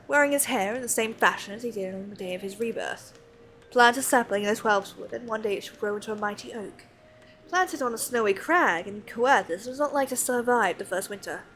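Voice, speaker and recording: A woman voicing a calm older male guild master who tells a tale slowly and measuredly. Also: a little high, lightly acted. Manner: slow, measured storytelling.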